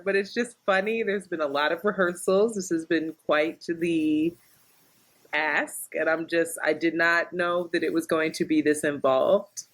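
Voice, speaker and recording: A woman's voice: deep voice, steady tone, measured pace. A woman co-hosting a casual podcast, telling a story with lots of laughter and acted-out quotes. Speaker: podcast co-host.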